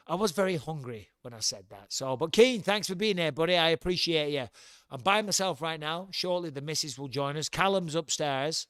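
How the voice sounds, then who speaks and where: A middle-aged man with an English accent talks loosely through a livestream from his home, blunt and quick to swear. His voice sits a little high for a man. The sound is dry and close, with no room around it. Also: fairly bright tone, smooth, no echo. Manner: chatty, blunt, swears freely. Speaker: livestream host. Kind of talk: casual livestream chat.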